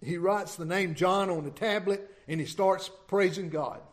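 A middle-aged man preaching an informal sermon, reading scripture and retelling it in a folksy, halting way. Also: sits high. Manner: folksy, halting, many restarts and asides.

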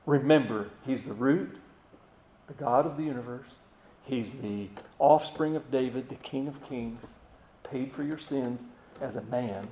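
A man preaching a sermon in a folksy way, repeating words and slowing down to hushed emphasis. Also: mid-range voice, echoey room, slight background noise.

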